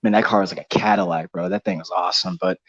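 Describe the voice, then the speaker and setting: A man's voice: fairly low pitch, very animated, quick pace, vocal fry, a bit bright, no room sound. A young man telling a long story in casual chat, rambling and slangy with lots of fillers and restarts. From Texas. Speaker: podcast co-host. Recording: dull dry studio sound.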